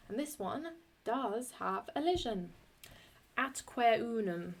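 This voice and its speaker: A woman teaching Latin poetic meter in a chatty way, thinking aloud and correcting herself, and reading Latin lines slowly and deliberately. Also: a little high, expressive. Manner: slow, deliberate Latin recitation. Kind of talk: screen-recorded lesson.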